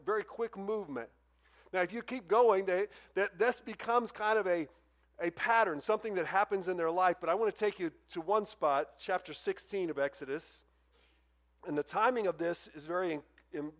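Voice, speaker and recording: Preacher, male, high voice, animated delivery with raised acted-out quotes. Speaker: pastor. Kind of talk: sermon.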